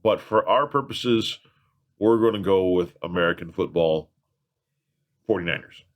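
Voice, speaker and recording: A man's voice: deep voice, measured pace. A man hosting a casual question-and-answer chat, rambling through long explanations with chuckles. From California. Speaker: host.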